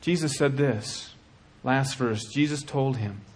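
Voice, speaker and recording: A man preaching a sermon with passion, dropping to a hush and then rising to shouting. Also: medium pitch, takes it slowly. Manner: impassioned, swings from hushed to shouting.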